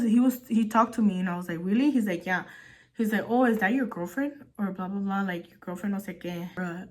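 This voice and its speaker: A young woman vlogging, telling a story while doing her makeup, chatty and full of fillers, swearing casually. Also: medium pitch.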